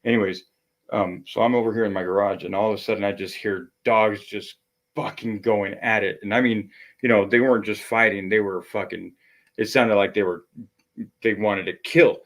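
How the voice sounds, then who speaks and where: A man's voice: on the low side, steady tone, moderate pace, a bit bright, poor audio. Rambling, cursing male streamer. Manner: rambling, profane storytelling with frequent restarts. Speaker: live streamer. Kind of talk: casual live-stream chat.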